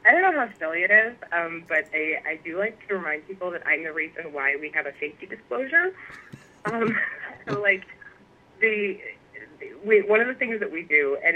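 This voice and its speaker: A woman guest telling stories in a casual interview, animated and laughing often. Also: fairly low pitch, moderate pace. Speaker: guest, pipe maker. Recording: tinny phone line.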